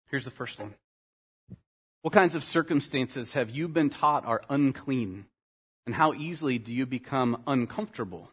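A man preaching a sermon as pastor, animated, climbing to emphatic highs and sinking to quiet, earnest lines, with quick acted asides for people in the story. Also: husky. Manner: animated, rising to emphatic peaks and dropping to quiet.

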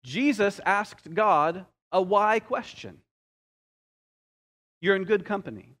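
Guy preaching a sermon, kinda high voice, tells stories, cracks little jokes, slows way down on the big lines. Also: fairly bright tone. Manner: storytelling preacher, slows down on key phrases, light humorous asides. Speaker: pastor.

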